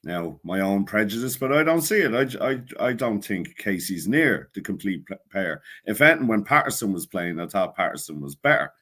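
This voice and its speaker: A man with a Dublin accent, a guest on a casual sports chat, talking in an opinionated, animated way. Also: lowish voice, normal speed, hardly any pauses.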